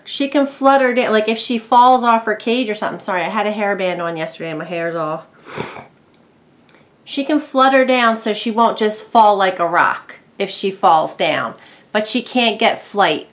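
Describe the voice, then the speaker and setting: A woman chatting casually at home about her pet bird, meandering with ums and asides and talking softly to the bird now and then. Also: medium pitch. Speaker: bird owner vlogger. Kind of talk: casual explanatory chat.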